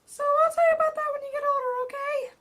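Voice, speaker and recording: A woman's voice: very high-pitched, fairly even intonation, very fast, over loud music. A woman playing an awkward, flustered divorced mother who rambles with many fillers.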